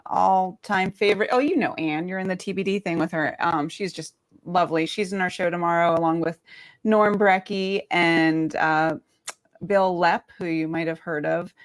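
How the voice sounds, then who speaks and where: A woman's voice: fairly low pitch, normal speed. A woman from the United States talking in a casual video chat, rambling with many fillers. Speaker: guest.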